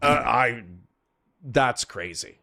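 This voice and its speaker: A man's voice: mid-range voice, animated, takes it slowly, vocal fry, pushed and bright. A man questioning someone in a confrontational, insistent, pressing manner during a heated argument. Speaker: interviewer.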